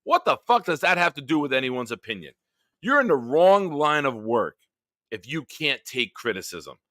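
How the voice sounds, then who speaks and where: A man's voice: on the high side, big pitch swings, normal speed, bright, forceful tone, no room sound, clean studio sound. A man hosting a live-stream sports chat, ranting profanely and heatedly, then chatting with viewers. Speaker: host.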